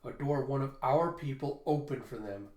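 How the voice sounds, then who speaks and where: A man's voice: medium pitch, moderate pace, darkish tone, lightly acted. A man reading aloud as a stern young man, a demanding brother who pushes hard for harsh orders. He presses each point insistently. The sound is roomy and echoey around a middling voice. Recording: roomy echo.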